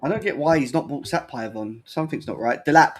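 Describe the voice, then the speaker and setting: A man hosting a live football watch-along, commentating play by play, excitable and quick to swear. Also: on the high side, a little hiss or hum. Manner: excitable, laughs a lot, swears.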